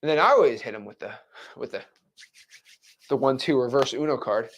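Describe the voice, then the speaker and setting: A man's voice: mid-range voice, lively intonation, fairly quick. A man in his twenties giving a blunt, frank motivational talk to camera as a real estate wholesaling coach. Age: 20s.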